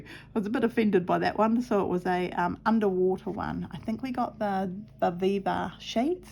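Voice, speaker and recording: Chatty gravelly-voiced woman. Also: mid-range voice, normal speed, a little mellow, a little hiss or hum. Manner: cheerful, laughs often, muses aloud. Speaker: craft vlogger. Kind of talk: chatty storytelling while sewing.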